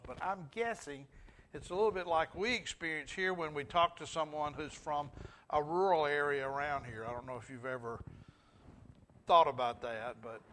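Leading a Bible class, a middle-aged Southern man from Alabama asks the group questions, chuckles along, and keeps restarting. His voice is fairly high and fairly bright, and there's a bit of background noise.

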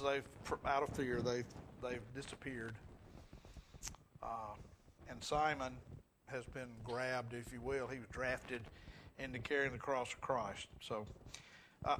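A man's voice: medium pitch, a bit bright, slight background noise. Southern man teaching a Bible class. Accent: Southern US, Alabama. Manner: asks the group questions, chuckles, restarts often.

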